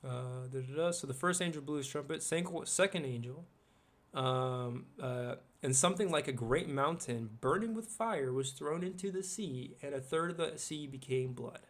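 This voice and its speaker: Man, casual rambling commentary, asks viewers questions, swears now and then, average pitch. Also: moderate pace. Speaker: video host.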